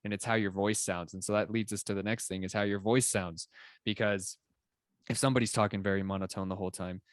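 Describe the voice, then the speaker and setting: Animated man, lowish voice, dry sound. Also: fairly quick, dry recording. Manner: animated, explanatory, heavy on "like" fillers. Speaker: podcast co-host. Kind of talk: casual conversational chat.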